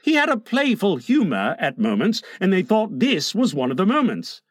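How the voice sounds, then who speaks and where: A man narrating a storybook in an expressive, dramatic reading. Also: high-pitched, normal speed, no room sound, studio quality. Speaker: audiobook narrator.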